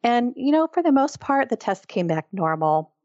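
A woman's voice: on the high side, very animated, normal speed, a little mellow, no room sound. Earnest woman guest, dull dry sound. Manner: earnest, reflective storytelling. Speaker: guest, author. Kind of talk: interview conversation.

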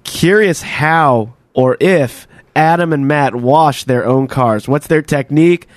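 A man's voice: on the high side, slow pace, dry recording. A man on a podcast in casual chat, reading out listener mail with easygoing, chuckling asides.

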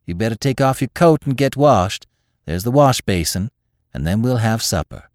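A man voicing a stern, determined older farm wife who talks slowly and firmly in plain rural speech. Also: on the low side, animated, darkish tone, no echo, clean studio sound, voice pushed up, close to an everyday voice.

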